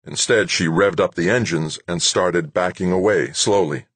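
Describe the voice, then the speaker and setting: Deep-voiced husky male narrator. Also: normal speed, fairly bright tone, no room sound. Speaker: audiobook narrator. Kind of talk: scripted narration.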